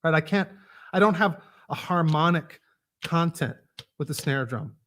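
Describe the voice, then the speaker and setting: A man with a high-leaning voice and lively intonation, speaking a little slowly, teaches a casual live online drum lesson. He explains rudiments and counts off exercises while playing, with loud drumming and clicks behind him.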